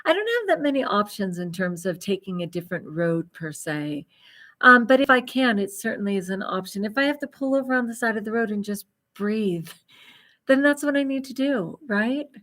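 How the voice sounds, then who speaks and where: A woman's voice: medium pitch, expressive, fairly quick, fairly bright tone. A middle-aged woman vlogger chatting casually on a livestream, rambling and laughing often.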